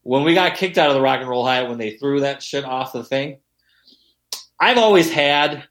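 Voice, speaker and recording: A man in casual conversation, telling stories with lots of profanity. His pitch swings widely as he gets animated. The room around him has a noticeable echo. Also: moderate pace. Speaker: podcast guest. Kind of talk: casual storytelling chat. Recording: roomy echo.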